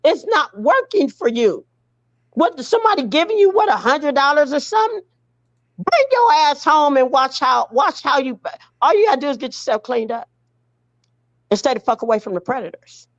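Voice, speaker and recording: A woman's voice: high-pitched, lively intonation, moderate pace, dry recording, dull audio. A woman speaking as a mother to her grown daughter, blunt and profane, pleading and scolding by turns. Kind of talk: emotional direct address.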